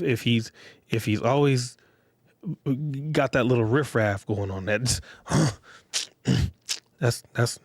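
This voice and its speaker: A man's voice: mid-range voice, no room sound. Host, male, blunt repetitive lecturing delivery, dry close-mic sound. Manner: blunt, repetitive, street slang, addresses listeners directly. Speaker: podcast host. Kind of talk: casual monologue podcast.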